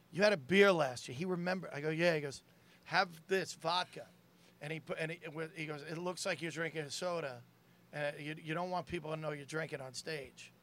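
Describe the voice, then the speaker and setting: A man's voice: a little high, a bit bright. A man, a comedian, telling a wry, self-deprecating story in a casual chat at a comedy club.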